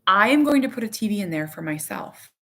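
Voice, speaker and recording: A woman's voice: mid-range voice, fairly quick. Chatty woman rambling to viewers. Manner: rambling, heavy use of "like"; candid, animated. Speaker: vlogger, parent. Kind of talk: casual chat to viewers. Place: home living room.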